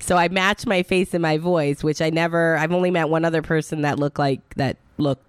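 A woman's voice: low voice, fairly even intonation, a little fast, clean tone, no echo, studio quality. A woman hosting a casual talk show, raunchy and joking, laughing often between remarks. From northern United States. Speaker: podcast host. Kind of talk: casual chat.

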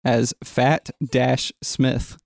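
A man with a mid-range, gravelly voice jokes crudely during a casual podcast chat. The sound is dry and close. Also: medium pitch, level tone, extremely slow, no echo. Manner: crude, joking. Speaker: podcast player.

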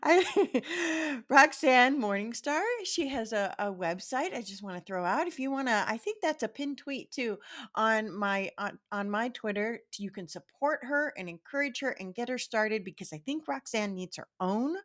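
A woman's voice: fairly high pitch, lively intonation, moderate pace, a bit bright, no echo, studio quality. A woman hosting a podcast in casual chat, rambling and laughing often. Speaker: podcast host.

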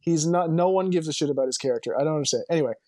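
Man, podcast co-host, slightly high voice, dry close sound; chatty and opinionated. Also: rapid-fire, darkish tone, no room sound. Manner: rambling, emphatic, full of restarts and opinions. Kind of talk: casual movie podcast chat.

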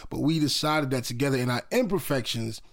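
A man's voice: mid-range voice, animated, brisk. A man co-hosting a couples podcast with his wife, talking casually in a playful, rambling, slangy way. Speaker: podcast co-host. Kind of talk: casual chat.

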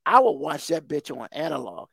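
A man's voice: a little high, very animated, moderate pace, creaky, a bit bright, husky, no room sound, clean studio sound. Fired-up, foul-mouthed man ranting. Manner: heated, swears constantly, emphatic repetition. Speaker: podcast co-host. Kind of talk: casual profane rant.

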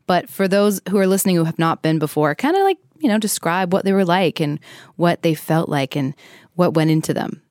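A woman hosting a radio show, introducing a segment and asking relaxed, conversational questions in a studio. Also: on the low side, brisk, no room sound. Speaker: radio host. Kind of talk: radio narration and interview.

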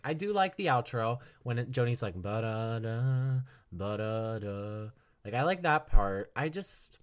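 A young man talks through an album review on his own podcast, loose and rambling. He laughs easily and breaks into short sung snippets of lyrics. His voice sits at an ordinary middle pitch for a man. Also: a bit bright. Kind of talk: casual solo podcast review.

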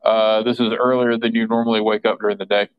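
A man narrating and running a tabletop role-playing game, halting often with fillers. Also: lowish voice, little pitch movement, highs cut off. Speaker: game master.

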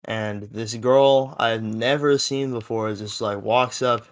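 A man's voice: medium pitch, steady tone, takes it slowly. A seventeen-year-old young man telling a story in a casual podcast chat, rambling and full of fillers. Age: teens. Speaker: podcast co-host.

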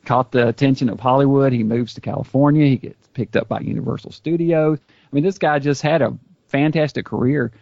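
Man with a gravelly, fry-heavy voice; casual podcast chat, enthusiastic and knowledgeable, dull dry recording. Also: mid-range voice, brisk, a little mellow, dry recording. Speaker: YouTube series host, guest.

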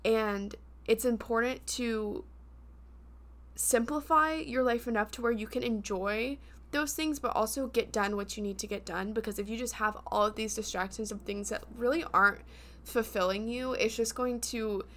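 A woman's voice: on the high side, moderate pace, fairly bright tone. A young adult woman co-hosting a podcast in casual chat, playful and laughing often. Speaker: podcast co-host.

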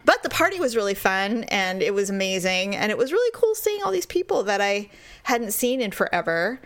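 A woman co-hosting a casual chat, telling stories in an animated way and acting out the voices of people she quotes. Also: mid-range voice, brisk. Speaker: podcast co-host.

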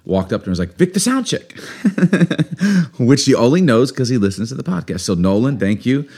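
A man with a very low voice hosts a podcast with his wife. He talks in a loose, rambling way and slips in small jokes. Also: fast talker. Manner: relaxed, rambling, joking. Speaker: podcast co-host. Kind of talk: casual podcast chat.

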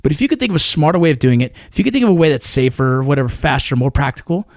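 A man's voice: a little high, sing-song, racing, no echo, clean studio sound. A man in his thirties or forties, a military veteran guest talking in a blunt, profane, emphatic way in casual conversation.

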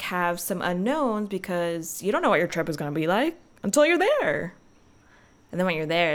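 A woman's voice: on the low side, fairly bright tone, clean tone. A young woman hosting a podcast, chatting casually and rambling with lots of fillers. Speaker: podcast host. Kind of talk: casual solo podcast chat.

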